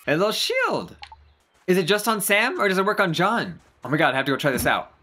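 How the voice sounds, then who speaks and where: Excitable gamer with a wildly swinging voice. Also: medium pitch, fairly quick. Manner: excitable, gasps and exclaims often; swears casually. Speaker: let's play gamer. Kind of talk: casual gameplay commentary.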